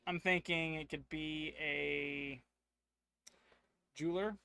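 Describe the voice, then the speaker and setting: A man's voice: on the high side, steady tone, slow, vocal fry, pushed and bright, clear, resonant tone. A man streaming a solo tabletop game, narrating casually and thinking aloud to his chat.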